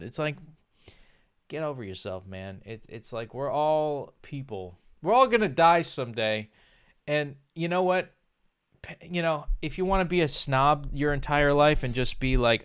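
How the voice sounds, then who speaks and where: A man's voice: mid-range voice, animated, moderate pace, smooth, dry recording, studio quality. A young man ranting casually on a livestream, profane and sarcastic, and he mimics snobbish voices as he goes. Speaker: streamer.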